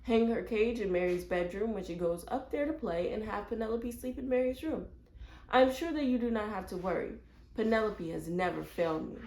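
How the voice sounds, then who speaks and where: A woman voicing a calm, kindly neighbor woman in a read-aloud storybook, reassuring and soothing. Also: medium pitch, brisk, lightly acted. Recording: roomy echo.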